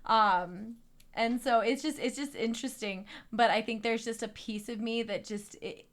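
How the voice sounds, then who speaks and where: A woman's voice: on the high side, normal speed, fairly bright tone. A woman from New Mexico in a casual podcast chat, talking earnestly and laughing often.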